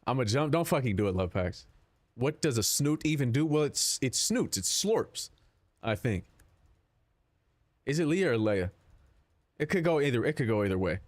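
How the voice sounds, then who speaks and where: A man's voice: medium pitch, sing-song, normal speed, pauses often, dry recording. A young man streaming live, chatting casually with his viewers in a rambling, profane, joking way. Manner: rambling, profane, jokey, answers chat.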